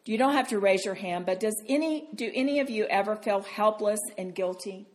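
Woman leading a bible study, lively and tender, calls people sweetheart. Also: mid-range voice, brisk. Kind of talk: Bible teaching to a group.

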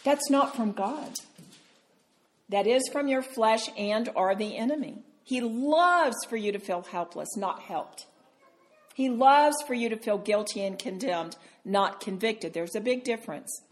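A woman teaching a Bible study to a group, animated and tender, calling listeners sweetheart. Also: fairly high pitch, measured pace.

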